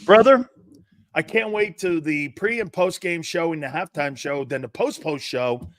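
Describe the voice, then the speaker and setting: A man's voice: fairly high pitch, moderate pace, a bit bright, dry recording, clean studio sound. A man hosting a sports talk show, agreeable and upbeat, cheering on his co-host. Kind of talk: casual sports talk chat.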